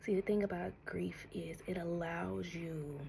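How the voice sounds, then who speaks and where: Fairly low and steady, with a dark tone, the woman's voice carries a spiritual tarot message delivered slowly and soothingly. She keeps falling into a breathy whisper, calls the listener honey, and sounds emotional, almost crying, over a little hiss or hum.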